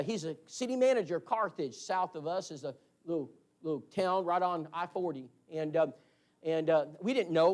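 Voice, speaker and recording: Preaching in a church hall, this man has a fairly high, slightly mellow voice. His sermon unfolds as storytelling, and he voices the characters himself.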